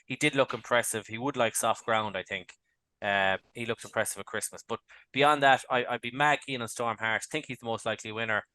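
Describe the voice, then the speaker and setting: A man tipping horses in casual podcast chat. His voice is bright and forward, and his pitch sits mid-range. He talks fast and loose, stacking fillers and restarts as he works through the odds. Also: steady tone, no echo. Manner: quick, chatty, full of fillers and restarts. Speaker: horse racing tipster on a podcast panel.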